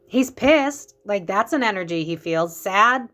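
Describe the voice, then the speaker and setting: A woman's voice: medium pitch, expressive, measured pace, a bit bright. A woman giving a casual psychic tarot reading, talking in a rambling way full of fillers and restarts. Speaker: psychic reader.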